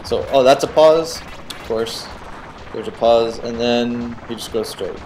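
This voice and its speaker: A man giving casual, excitable commentary while playing a video game, cheering on the character and guessing at the boss's moves. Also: mid-range voice, unhurried, noisy background. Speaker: let's play host.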